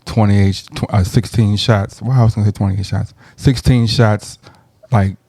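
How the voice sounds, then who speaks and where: A man co-hosting a podcast in casual chat, laid-back and drawling, often trailing off quietly. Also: lowish voice, fairly even intonation, moderate pace, no echo. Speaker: podcast co-host.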